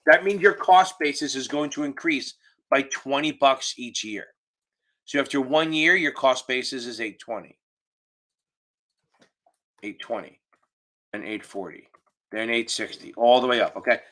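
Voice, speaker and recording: Casting note: male finance tutor, bright tone, loose and profane, talking on a video call mic. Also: mid-range voice, moderate pace, pauses often. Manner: casual, profane, joking teacher. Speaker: exam tutor. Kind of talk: live online Q&A lesson. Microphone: computer mic on a video call.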